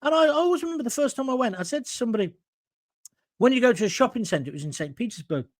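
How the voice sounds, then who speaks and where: An English man in his sixties hosting his own talk show, blunt and combative, with wide swings in pitch. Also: expressive, fast, no echo. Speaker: show host. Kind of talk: opinionated solo talk show. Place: home studio with green screen.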